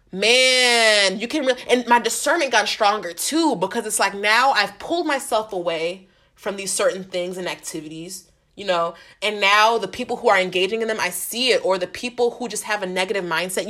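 A woman's voice: mid-range voice, fairly bright tone. A woman hosting a faith-based podcast in casual, earnest talk, using slang, repeating herself and speaking straight to her listeners. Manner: earnest, repetitive, slangy, addresses listeners directly. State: getting emotional. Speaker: podcast host.

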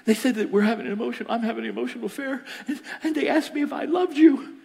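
Quick high-voiced take on a flustered young woman, as a man puts her on. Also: vocal fry, a little mellow, long reverb tail. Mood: upset, rushed.

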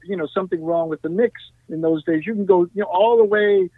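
A man, a guest musician, telling animated stories in a podcast interview, full of "you know" and "right?". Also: high-pitched, a little fast, no room sound. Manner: animated, tag questions, frequent "you know". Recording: tinny dry phone-like line.

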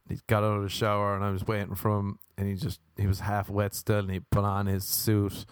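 A man's voice: on the low side, a little mellow, no room sound, studio quality. A young man doing a rambling comic monologue to camera, crude and joking, often stopping to restart his sentences. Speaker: vlogger.

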